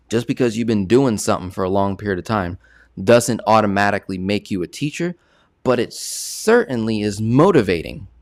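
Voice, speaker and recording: A man with a fairly low voice talks in a loose, conversational way and leans on repetition to drive a point home. The sound is dry and close, with no room around it. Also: no room sound. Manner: conversational, repeats words for emphasis. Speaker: host. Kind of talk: casual live-stream chat.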